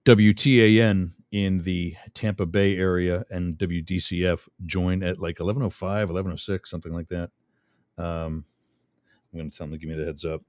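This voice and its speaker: A man's voice: low voice, steady tone, moderate pace, a little mellow, no room sound. A middle-aged man hosting a radio talk show, rambling and chatty, often interrupting himself with fillers.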